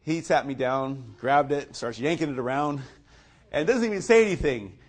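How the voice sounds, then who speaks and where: A man's voice: medium pitch, moderate pace, slightly rough. Chuckling man telling his testimony. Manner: chuckles often, loose and conversational with many fillers; acts out other people's lines in lively quoted voices. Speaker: speaker sharing a personal faith testimony. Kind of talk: casual storytelling testimony.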